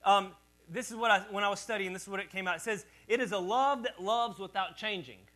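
A man's voice: high-pitched, a little fast, pushed and bright. A male pastor preaching a sermon in a conversational, joking way, calling on the congregation to repeat words back to him.

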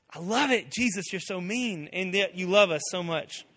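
A man preaching a sermon as pastor, animated, acting out voices of people and shouting some quotes. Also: high voice, normal speed, no room sound, studio quality.

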